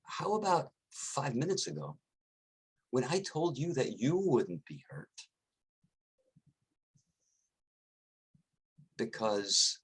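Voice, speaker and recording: A man playing a crafty coyote in a told fable who is always a step ahead. He talks in a coaxing, persuasive way. The voice is husky and lively, leaping up in pitch. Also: slow, exaggerated voice. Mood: smug. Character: sly wily male coyote.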